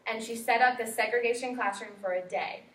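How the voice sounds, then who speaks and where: Talking fairly quickly in a voice on the high side, this young student presents to her class in a chatty way, full of fillers and performed quotes. It's captured from afar in an echoey room, with faint hiss.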